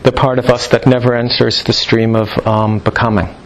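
A man giving a live lecture to practitioners, animated and jokey, firing rhetorical questions at the room. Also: medium pitch, moderate pace, a little hiss or hum, rough recording. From New York. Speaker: lecturer on Chinese medicine.

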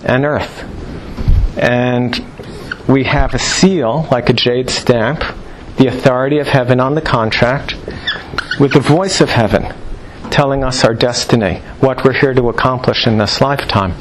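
A man giving a live lecture to practitioners, animated and jokey, firing rhetorical questions at the room. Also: medium pitch, unhurried, background noise. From New York. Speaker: lecturer on Chinese medicine.

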